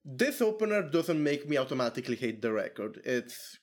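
A man's voice: medium pitch, big pitch swings, fairly quick. A man co-hosting a casual music podcast, rambling with many "like"s and restarts. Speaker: podcast co-host. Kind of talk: casual chat.

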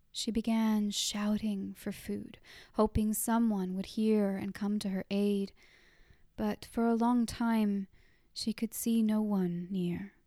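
Hushed whispering woman storyteller. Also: medium pitch, no echo, clean studio sound. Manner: soft unvoiced whisper, slow and hushed. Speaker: narrator. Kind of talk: whispered role-play.

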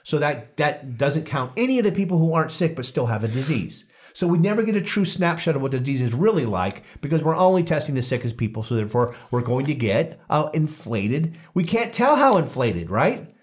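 A man hosts a casual podcast, talking through a study in a loose, joking way. His pitch swings widely up and down. He often stops mid-sentence to restart or correct himself. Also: sing-song, fairly quick. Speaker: podcast host.

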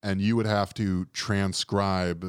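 A man's voice: deep voice, flat delivery, slow pace, clear, resonant tone, no room sound, studio quality. A young man from New Orleans telling stories in a casual chat, wry and rambling, often laughing at his own tales.

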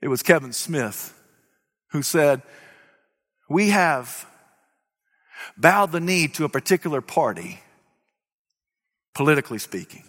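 A man preaching a sermon to a crowd, emphatic, swinging between loud declarations and quiet remarks. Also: on the high side, very animated, unhurried, pauses often. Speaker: pastor. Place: church sanctuary before a crowd. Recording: live hall with long reverb.

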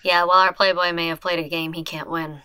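A woman voicing a calm, guarded female fixer who speaks low, hushed and deliberate in a tabletop game. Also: clean tone, no room sound. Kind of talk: tabletop role-play voice.

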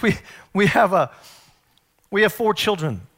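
A middle-aged man preaching a sermon, earnest and storytelling, slowing down to stress his points. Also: high voice, a bit bright. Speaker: pastor.

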